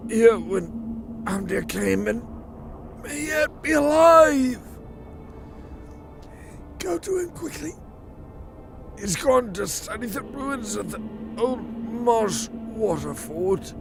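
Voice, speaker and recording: A man's voice: very high voice, expressive, slow pace, vocal fry, long pauses, exaggerated voice. An actor voicing a dying, wounded man in a video game, pleading in a strained voice. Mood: urgent, dying. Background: game music.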